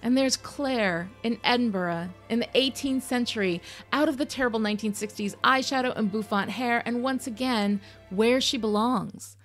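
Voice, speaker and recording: A woman's voice: fairly high pitch, normal speed, hardly any pauses, soft background music. A woman hosting a podcast, giving candid, sarcastic commentary on a TV episode, swearing casually. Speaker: podcast host.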